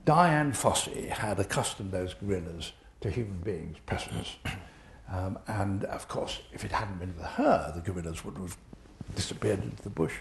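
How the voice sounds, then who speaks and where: An older man telling animated anecdotes as an interview guest, chuckling through his stories. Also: low voice, normal speed, creaky, a little hiss or hum.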